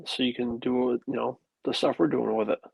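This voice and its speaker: A man's voice: medium pitch, little pitch movement, moderate pace, gravelly, breathy edge, no room sound, dull audio. A man with a New York accent co-hosting a podcast, laid-back in casual chat with short replies. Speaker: podcast co-host.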